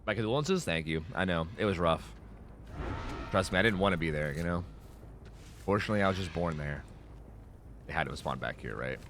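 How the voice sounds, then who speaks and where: A man's voice: low-pitched, animated, fairly quick, long pauses, a bit bright, slight background noise. A young man from Pennsylvania streaming a video game, chatting casually and rambling with lots of fillers and swearing. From Pennsylvania, United States. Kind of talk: casual gameplay commentary.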